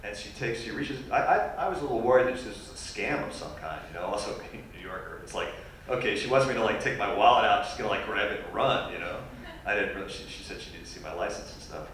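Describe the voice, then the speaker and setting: A man telling a funny personal story as a guest speaker at a university lecture, animated and self-deprecating. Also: fairly low pitch, fast, slight background noise. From New York. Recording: echoey hall recorded from far off.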